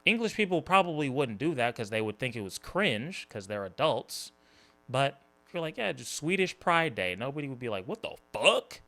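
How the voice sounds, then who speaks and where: A man's voice: mid-range voice, sing-song, normal speed, sharp tone. A man hosting a reaction video, talking in a casual, mocking and exasperated way, swearing often. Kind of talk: casual commentary.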